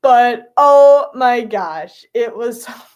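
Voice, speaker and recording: A woman's voice: fairly high pitch, lively intonation, slow, darkish tone, smooth. A young woman streaming live, chatting casually with her viewers, giggly and full of fillers.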